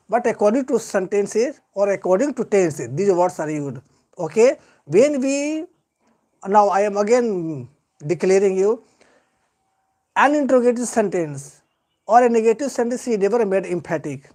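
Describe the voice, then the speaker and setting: A man's voice: sits high, darkish tone. A man with an Indian English accent teaching an English grammar lesson live, lecturing earnestly and repeating key points with heavy stress.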